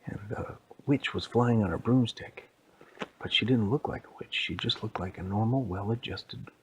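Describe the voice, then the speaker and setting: A man's voice: on the low side, moderate pace. Man telling a whispered story. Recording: clear background hiss.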